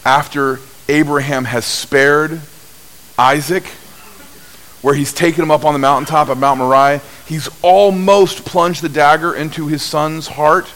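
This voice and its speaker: Man, pastor preaching a sermon, slow delivery, animated storytelling, faint background hiss. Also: rough recording. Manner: unhurried, animated storytelling with wide swings in pitch and loudness.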